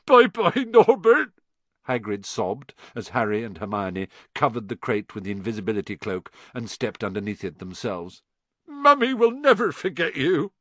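A man voicing a big, soft-hearted giant of a gamekeeper who talks in a puffing, gruff and tearful way. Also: fairly low pitch, fairly even intonation, normal speed, hardly any pauses, dry recording, close to an everyday voice. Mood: sobbing.

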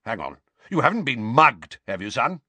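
A man's voice: mid-range voice, very animated, moderate pace, bright, forceful tone, slightly rough, no room sound, full character voice. Male reader doing a blustering middle-aged man, growling, bellowing, dry close sound. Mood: gruff concern.

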